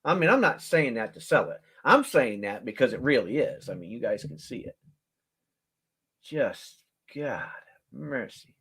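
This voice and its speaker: A man's voice: medium pitch, creaky, slightly rough. A man hosting a casual live coin auction, joking and laughing as he praises a coin and calls out bids. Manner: folksy, joking, laughs often; slow, drawn-out calls with animated countdowns.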